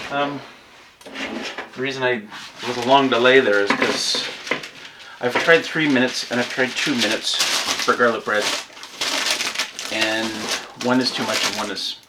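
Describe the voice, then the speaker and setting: A man's voice: medium pitch, measured pace, pauses often, heavy background noise. A middle-aged man chatting casually to camera for his off-grid cabin vlog, telling stories and laughing often.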